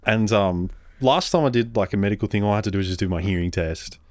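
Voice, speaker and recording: A man's voice: on the low side, quick pace, no room sound, clean studio sound. A young man chatting casually on a podcast and telling stories with animation, laughing often. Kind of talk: casual chat.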